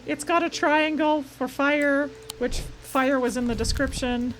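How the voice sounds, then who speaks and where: A woman's voice: high voice, fairly even intonation, measured pace, a little hiss or hum. A young woman streaming a puzzle game, chatting and thinking aloud, reading game text aloud and correcting herself as she goes. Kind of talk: game let's play commentary. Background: background game music.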